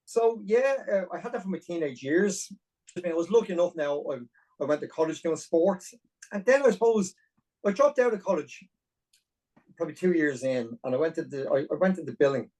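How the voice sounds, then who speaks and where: A man in his forties from Dublin with an Irish accent, a podcast guest telling his story in a lively, self-deprecating way with many restarts. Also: on the high side, fairly quick, far from the mic, low-quality recording. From Ireland. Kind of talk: conversational storytelling.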